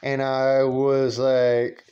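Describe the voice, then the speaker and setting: A man's voice: mid-range voice, monotone, drawn-out words, mellow, smooth. A man casually telling a personal anecdote, rambling and digressing with profanity and chuckles. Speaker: storyteller. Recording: muffled lo-fi recording.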